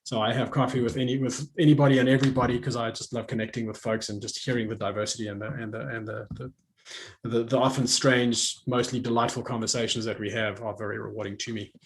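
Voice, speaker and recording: A man's voice: mid-range voice, level tone, fast talker. A middle-aged man talking reflectively as a guest, often restarting his phrases and laughing easily. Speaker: guest speaker. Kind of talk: conversational online talk.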